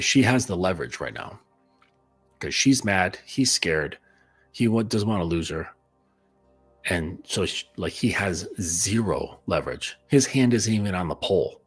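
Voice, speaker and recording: A man's voice: sits low, slightly rough. A man speaking as a dating coach in a casual, blunt monologue full of fillers, telling a client's story. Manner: blunt, conversational, many fillers.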